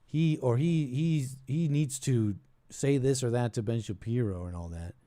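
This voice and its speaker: A man's voice: medium pitch, measured pace, dark tone, no room sound, clean studio sound. A man hosting a call-in show, giving casual political commentary in a rambling way, restarting his sentences and trailing off into asides.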